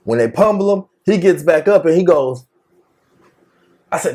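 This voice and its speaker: Animated high-pitched man telling a story. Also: normal speed, long pauses. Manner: animated, slangy, laughs often, acts out quotes. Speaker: podcast co-host telling a story. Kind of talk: casual storytelling.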